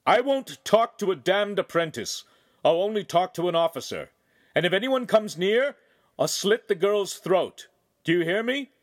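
A man's voice: sits high, expressive, normal speed, pitched above the performer's own voice. Man voicing a snarling hot-tempered villain. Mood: threatening shout. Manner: threatening, snarling. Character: ruthless male kidnapper, hot-tempered villain.

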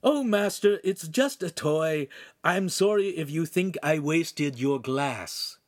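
A man's voice: fairly high pitch, animated, slow pace, dry recording, studio quality, voice pushed up. A man reading an audiobook, voicing an earnest, careful teenage apprentice. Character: clever earnest teen apprentice.

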